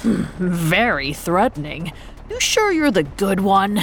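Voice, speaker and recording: A woman's voice: mid-range voice, big pitch swings, takes it slowly, a little hiss or hum. Woman playing a snide, sneering monster man. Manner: snide, taunting.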